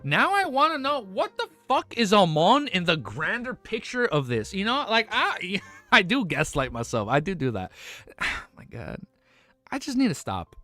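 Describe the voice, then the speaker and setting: A man's voice: high-pitched, unhurried, no echo. Young guy streamer, hyped and overwhelmed, swearing and laughing, voice jumping all over, dry mic w faint music. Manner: animated, rambling, swears, laughs often, talks to chat. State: overexcited and lightheaded. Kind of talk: excited casual livestream chat.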